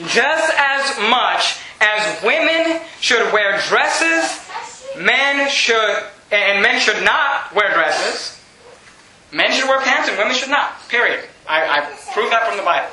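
A man's voice: extremely high pitch, animated, slow, sharp tone, slight background noise. A male pastor preaching an emphatic, repetitive sermon in a church. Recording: very echoey room.

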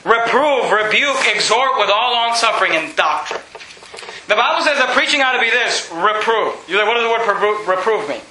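Male pastor, shouting sermon, very bright sharp tone, echoey church room. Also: high voice, expressive, moderate pace, slight background noise. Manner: loud, yelling, emphatic repetition. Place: church sanctuary.

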